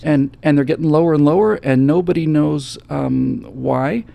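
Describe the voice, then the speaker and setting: A man hosting a casual talk show, telling a travel story in a lively way and slipping into a calm pilot voice now and then. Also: a little high, normal speed, vocal fry. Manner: animated storyteller, mimics a calm airline pilot. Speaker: host. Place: studio set, seated.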